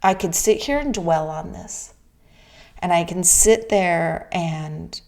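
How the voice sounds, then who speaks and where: A woman's voice: fairly low pitch, slow. A middle-aged woman from the Pacific Northwest, talking candidly in a personal vlog and often checking in with "right?". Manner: chatty and candid, frequent restarts and "right?" asides. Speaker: vlogger. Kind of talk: casual personal talk.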